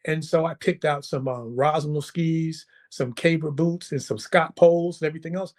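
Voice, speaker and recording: A man telling a personal story as a podcast guest, animated, acting out the quotes and checking in with the listener. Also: fairly high pitch, moderate pace. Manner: animated, acts out quotes, checks in with "right?" and "okay?". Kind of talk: casual storytelling.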